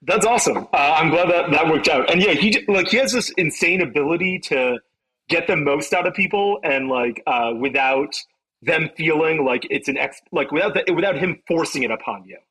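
A man's voice: fairly high pitch, lively intonation, fairly bright tone, slightly rough, rough recording. A man who founded a company, a guest on a podcast, talking in rambling, casual chat full of fillers. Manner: rapid, rambling, filler-heavy. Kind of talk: casual conversation.

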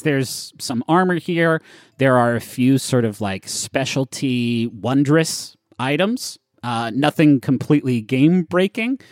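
A man's voice: mid-range voice, no room sound, studio quality. A man narrating as game master in a casual, chatty way with many fillers.

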